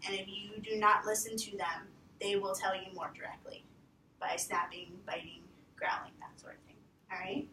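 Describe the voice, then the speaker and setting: A woman teaching volunteers about dog behavior, animated and lively, acting out what dogs think. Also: mid-range voice, moderate pace, slight background noise. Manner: animated, acts out dogs' thoughts in quotes. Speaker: veterinary behavior instructor. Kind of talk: training talk to volunteers. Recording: roomy, from far off, faint ambience.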